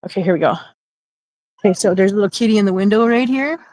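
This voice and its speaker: A woman's voice: mid-range voice, quick pace, a little mellow, no room sound, low-quality recording. A middle-aged woman hosting a casual livestream outdoors at night, chatty and playful, laughing often and talking into a handheld phone. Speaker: livestream host.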